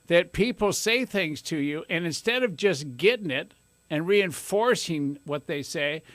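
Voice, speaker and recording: A man in his fifties hosts a call-in advice show. His voice is a little high and gravelly, recorded close and dry. He coaxes and jokes as he acts out replies for his callers. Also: a bit bright, no room sound. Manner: folksy, coaxing, acts out sample replies. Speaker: radio talk show host. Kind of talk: coaching call-in talk.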